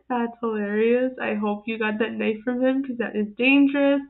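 A woman's voice: fairly high pitch, steady tone, moderate pace, vocal fry, few pauses. Giggly woman on a tinny line. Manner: chatty and giggly, laughing often between remarks. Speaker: host of an animal video reaction channel. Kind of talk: casual reaction commentary. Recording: tinny phone-like sound.

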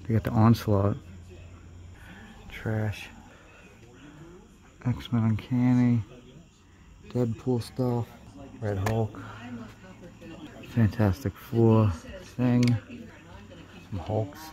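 A man who collects toys, giving casual running commentary with quick, blunt verdicts and casual swearing while shopping in a toy store. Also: fairly low pitch, flat delivery, warm tone. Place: busy toy store, indoors. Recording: crowded store noise behind.

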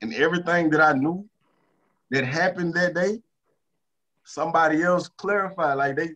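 A Louisiana rapper talking casually in an interview, repeating himself for emphasis and turning quieter when he talks about stress. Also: fairly high pitch, moderate pace. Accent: Southern US, Louisiana. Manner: emphatic and repetitive, drops to a subdued tone about stress.

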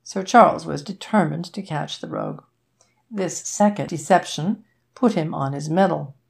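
Gravelly-voiced woman reading a story. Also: low voice, normal speed. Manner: steady storytelling. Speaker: audiobook reader. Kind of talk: scripted narration.

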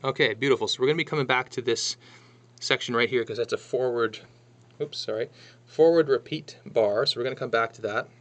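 A man teaching how to read a drum chart in a casual lesson, talking through it bar by bar and counting rhythms out loud. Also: medium pitch, a little fast. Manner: chatty, counts rhythms aloud, thinks out loud. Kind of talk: casual music lesson walkthrough.

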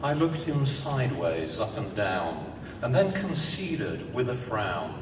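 Slow, deadpan man reciting comic verse. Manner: dry, deadpan jokes. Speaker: comic performer. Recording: echoey hall from a distance, rumbling noise.

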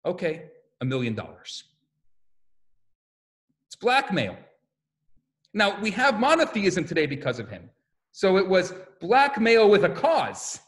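A man, a rabbi, giving a lecture full of stories and acted-out quotes, in an animated manner. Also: high-pitched, unhurried. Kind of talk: lecture with storytelling.

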